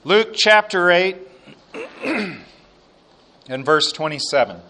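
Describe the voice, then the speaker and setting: Slow, bright-voiced male preacher. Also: high-pitched, lively intonation. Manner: slow, emphatic preaching, dropping to quiet asides. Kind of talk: sermon with scripture reading.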